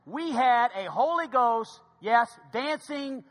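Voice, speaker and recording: A man's voice: very high voice, expressive, slow pace, a bit bright. A man preaching a sermon, telling a humorous story with emphatic delivery. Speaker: pastor. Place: church sanctuary. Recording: long reverb of a large hall.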